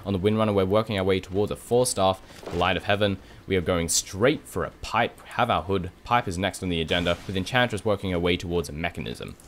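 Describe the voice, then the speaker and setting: A man giving rapid play-by-play commentary on a video game match, getting louder and higher in the big fights. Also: a little hiss or hum. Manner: rapid, excitable, rises sharply in big fights. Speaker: esports commentator.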